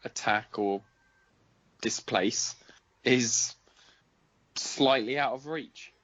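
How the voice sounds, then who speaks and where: Slow-talking laid-back man. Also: medium pitch, a bit bright, poor audio. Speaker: podcast co-host. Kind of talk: casual chat.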